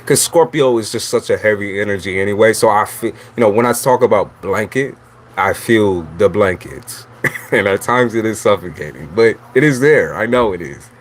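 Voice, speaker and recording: A tarot reader on a casual livestream rambles in a monologue, blunt and chatty, swearing freely and laughing often. His voice is lowish and his pace moderate, with slight background noise.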